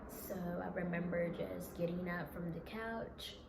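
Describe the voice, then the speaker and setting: A woman vlogger telling a personal story in an earnest, halting, confessional way. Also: on the low side, steady tone, vocal fry, reverberant, noisy background.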